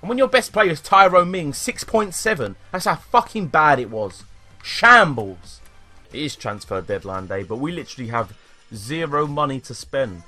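British man, young adult, gameplay commentary, excitable, cursing, bright sharp tone. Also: a little high, moderate pace, soft background music. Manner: excitable, swears and yells at the game. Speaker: gaming YouTuber.

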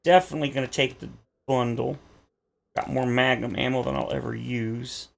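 A man's voice: steady tone, normal speed, gravelly. A man giving game commentary, complaining at length in a theatrical, exasperated way. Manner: exasperated, theatrical complaining with big pitch jumps. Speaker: gaming YouTuber.

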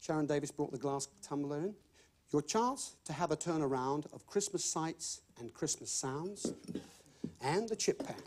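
A slightly high, somewhat mellow male voice hosts a television game show, full of chirpy, jokey patter and repeated catchphrases. It's an old broadcast recording with a live audience present.

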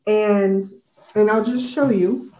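A woman's voice: mid-range voice, steady tone, slow pace. Emotional woman hosting a devotional, echoey. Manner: emotional, warm-hearted, rambling with fillers. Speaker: host of morning devotion. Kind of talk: casual devotional livestream.

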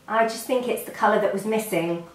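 A woman's voice: mid-range voice, a little fast. A woman with a British accent, the show's host, chatting and adding her own beauty tips. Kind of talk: casual chat. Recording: echoey room, mic a bit far.

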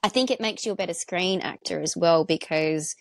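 Woman with a lowish voice, dry close sound. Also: brisk, no room sound. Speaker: actor and interior designer, guest. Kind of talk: casual interview chat.

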